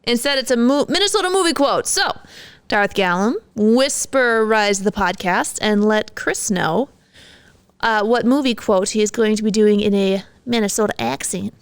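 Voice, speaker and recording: A woman's voice: medium pitch, moderate pace, clean tone. A woman co-hosting a podcast, chatting in a playful way and laughing easily. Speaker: podcast co-host. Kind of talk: casual chat.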